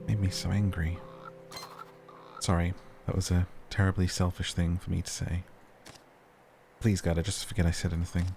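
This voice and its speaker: A man's voice: low voice, gravelly. A man reading a grieving young woman. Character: grieving young woman, sister of a missing soldier.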